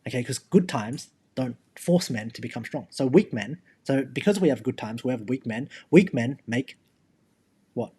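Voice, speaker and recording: A man's voice: medium pitch, animated, moderate pace, few pauses, mellow, husky. A man in his thirties, a podcast co-host, talking casually and with energy, often repeating words as he thinks aloud. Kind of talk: casual chat.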